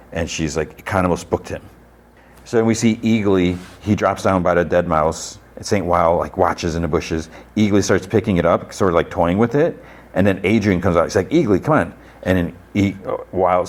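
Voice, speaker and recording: Low-voiced man recapping a TV episode. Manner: retells scenes with constant "like" and quoted lines. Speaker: podcast host.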